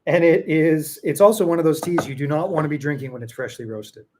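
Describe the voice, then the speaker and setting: A man's voice: fairly high pitch, fairly quick, noisy background. A man hosting a casual tea tasting chat, rambling and repeating himself for emphasis. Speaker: tea seller and show host.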